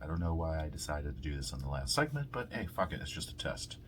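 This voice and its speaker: A low-voiced man hosts his podcast in a loose, rambling rant. He swears constantly and drifts off topic. A faint hiss sits under his voice. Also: big pitch swings. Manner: rambling, heavy swearing, quick laughs. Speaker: podcast host. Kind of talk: casual profane rant.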